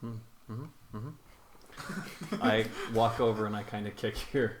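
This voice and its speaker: A man chatting casually during a tabletop game, relaxed and drowsy. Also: on the low side, slow, a crowd in the background. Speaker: player. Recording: noisy mic with clear background hiss.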